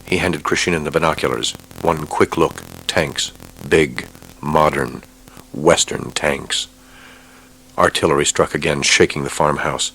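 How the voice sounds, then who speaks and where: A man narrating an audiobook with a steady, measured reading. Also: a bass voice, slightly rough. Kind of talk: scripted narration.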